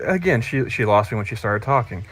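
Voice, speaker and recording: A man's voice: mid-range voice, lively intonation, a little fast, a bit bright. A man in his thirties on a podcast panel, joking crudely in casual chat and stumbling over restarts. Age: 30s.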